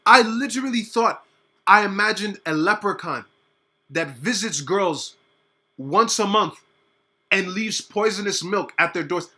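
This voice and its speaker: A young man telling a personal story in a casual, animated way, full of "like" fillers. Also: high-pitched.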